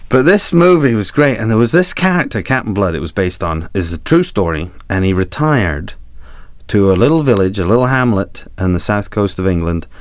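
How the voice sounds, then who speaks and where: Male comic storyteller, very deep voice, dry close sound, lively delivery with restarts. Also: fairly quick, no room sound. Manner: lively, hesitant restarts, animated bursts. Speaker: windjammer captain telling a story.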